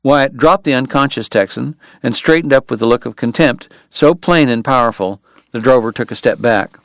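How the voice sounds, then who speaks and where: Male narrator, mid-pitched, steady and measured, dry close studio sound. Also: vocal fry, dry recording. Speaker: audiobook narrator. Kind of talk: scripted narration.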